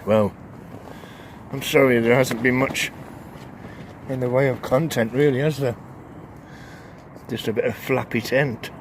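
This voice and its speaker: A man's voice: medium pitch, fairly even intonation, unhurried, long pauses, background noise. A man vlogging casually to camera from a tent while out camping, rambling and chuckling as he talks. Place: tent outdoors in wind.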